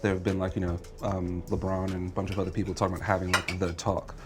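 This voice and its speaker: Man, deep voice, flat delivery, measured. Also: noisy background. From United States. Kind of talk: casual discussion.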